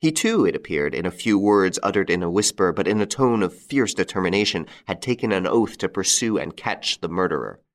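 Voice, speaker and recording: A man narrating a classic crime story aloud in an expressive, dramatic way. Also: sits low, brisk, few pauses. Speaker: audiobook reader.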